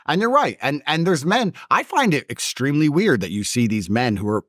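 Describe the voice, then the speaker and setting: A man's voice: a little fast, dry recording. Guy ranting and mocking, voice jumps all over, dry close sound. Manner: emphatic, mocking, lively pitch swings. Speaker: interview guest. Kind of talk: heated conversational argument.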